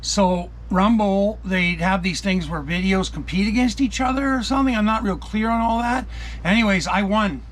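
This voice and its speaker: A man's voice: high-pitched, normal speed, fairly bright tone. A man rambling in a casual vlog, chatty and self-deprecating, swearing now and then as he moves around his home and yard. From Canada. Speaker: vlogger. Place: home and yard with animals, partly outdoors.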